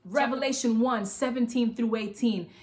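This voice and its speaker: A woman pastor preaches with fervent, repetitive emphasis, pressing her listeners again and again to listen. Her voice sits a little on the high side. She gets so carried away that she runs short of breath. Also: moderate pace, a little mellow. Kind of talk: sermon.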